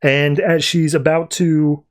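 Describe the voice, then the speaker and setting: A podcast host gives a loose, conversational recap of a comic book story, full of fillers and asides. His voice is a little high, with little pitch movement, and he speaks at a slow pace.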